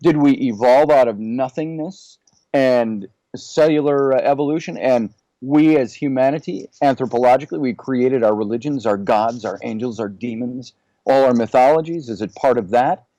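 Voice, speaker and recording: A man speaks as a guest on a podcast, musing through big questions one after another in a relaxed, conversational way. His voice has a warm, mellow tone and sounds dry and close, with no room echo. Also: medium pitch, normal speed. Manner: musing, poses many questions. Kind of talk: casual discussion.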